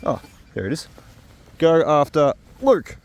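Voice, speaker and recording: An excitable man, chatting away in casual vlog commentary. He is out on a farm, talking through his finds with a lot of enthusiasm and frequent exclamations. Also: a little high, a little slow. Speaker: metal detecting vlogger. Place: outdoors on a farm.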